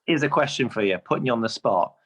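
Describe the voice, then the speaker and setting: A British man co-hosting a casual podcast chat, talking in quick bursts with stammering repeats. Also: medium pitch, lively intonation, crowd noise. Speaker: podcast co-host.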